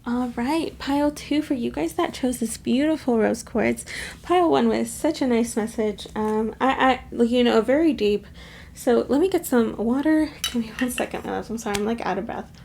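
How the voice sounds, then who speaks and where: A woman's voice: fairly high pitch, normal speed, creaky, darkish tone, a little hiss or hum. A woman giving a casual pick-a-card tarot reading, chatty and gushing, with lots of fillers and affectionate asides. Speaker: tarot reader.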